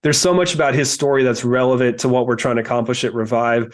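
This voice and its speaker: A man's voice: medium pitch, steady tone, fast. A man who invests in real estate, speaking as a podcast guest in an earnest, reflective way with many fillers. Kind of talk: interview podcast.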